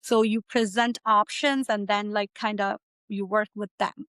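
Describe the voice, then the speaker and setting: A middle-aged Indian woman, a physician, answers interview questions conversationally, often adding "like" and tagging "right?" onto her sentences. Her voice is medium-pitched and fairly bright, with a steady tone and measured pace, clean and dry.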